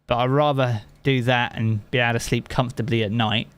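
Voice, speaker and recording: A man's voice: mid-range voice, fairly even intonation, brisk, fairly bright tone, smooth. A man from England with a Southern English accent, a game streamer chatting casually with his live chat and swearing freely.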